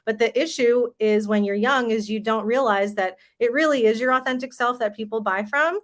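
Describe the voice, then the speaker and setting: A woman's voice: fairly high pitch, normal speed. Woman, 30s, frank interview guest who talks openly about her own life. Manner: candid storytelling, swears casually. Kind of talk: casual podcast interview.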